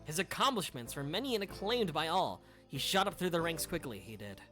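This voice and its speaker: A game streamer reading the lines of a devoted old male retainer in a slightly lower, folksy voice. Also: big pitch swings, brisk, fairly bright tone, faint music behind. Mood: proud. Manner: old-fashioned, folksy phrasing. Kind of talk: reading game dialogue aloud.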